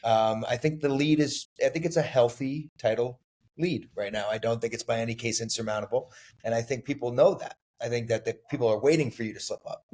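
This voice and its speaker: A man co-hosting a sports podcast, calmly laying out stats and teasing his co-host in casual debate. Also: mid-range voice. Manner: measured, stat-citing, teasing.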